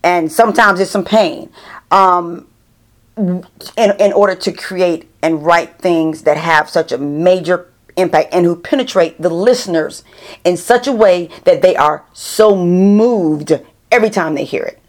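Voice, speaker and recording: A middle-aged woman interviewing a guest in a casual, animated chat, full of restarts. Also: fairly low pitch, unhurried. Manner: chatty, animated storytelling with many restarts.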